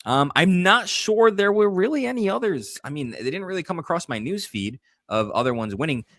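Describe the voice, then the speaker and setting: A man co-hosting a casual political call-in show, giving animated opinions and laughing often. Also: high voice, a little fast, dry recording. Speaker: co-host.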